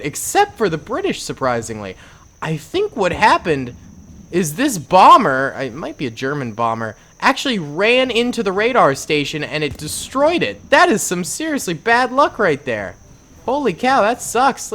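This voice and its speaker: A young man casually commentating a war simulation game, jokey and excitable with rambling asides. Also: a little high. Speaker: gaming YouTuber. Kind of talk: let's play commentary.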